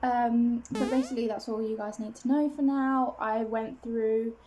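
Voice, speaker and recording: A young woman with a fairly high voice chats openly to her camera at home. She rambles and restarts her sentences, filling the gaps with little hesitations. She sounds self-conscious but keeps talking. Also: fairly even intonation, moderate pace, warm tone. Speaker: vlogger. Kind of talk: casual confessional chat to camera.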